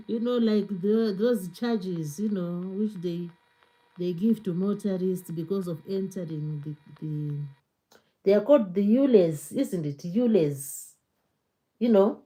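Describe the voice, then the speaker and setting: A woman's voice: medium pitch, warm tone, poor audio. A woman hosting a live stream, chatting casually and reading out viewer comments to answer them. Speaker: cooking channel host on a live stream.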